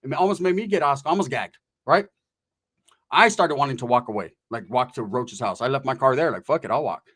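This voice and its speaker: A middle-aged man from California spins a rambling anecdote full of swearing and street slang. He talks at a rapid clip and keeps tossing in asides. His voice sits at an ordinary mid pitch for a man. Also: a bit bright. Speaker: storyteller guest. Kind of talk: casual anecdote telling.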